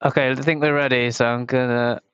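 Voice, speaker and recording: A man's voice: medium pitch, steady tone, brisk, a bit bright, clear, resonant tone, no echo, dull audio. A young man from the UK on a headset mic, casually commentating a game tournament alone, rambling and poking fun at himself. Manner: rambling, self-mocking, chatty.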